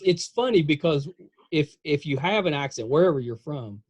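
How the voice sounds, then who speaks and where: West Virginian podcast host, halting and friendly. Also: male voice, a little high, expressive, darkish tone. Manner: hesitant, repeats words, friendly laughter. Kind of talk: casual interview chat.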